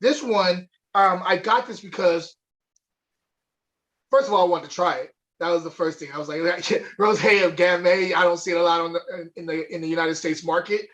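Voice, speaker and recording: High-voiced chatty man tasting wine. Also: fairly even intonation, normal speed, a bit bright, lo-fi sound. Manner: enthusiastic, chatty, with fillers. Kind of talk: live online wine tasting chat. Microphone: webcam or desk mic on a video stream.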